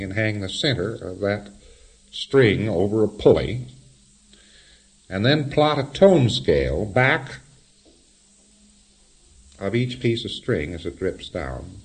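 A man lecturing in a wry, explanatory way, often chuckling at his own examples. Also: on the low side. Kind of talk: recorded lecture.

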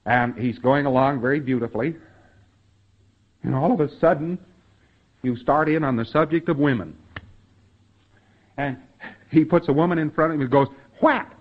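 A man giving a spoken lecture to trainees in a folksy way, acting out bits of quoted dialogue and sound effects. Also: on the high side. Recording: dull, muffled lo-fi recording.

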